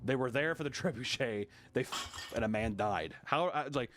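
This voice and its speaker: A man's voice: medium pitch, expressive, normal speed, a bit bright. A man streaming himself reacting to a video, casual and joking with loose swearing. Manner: joking, loose, swears, slips into silly voices.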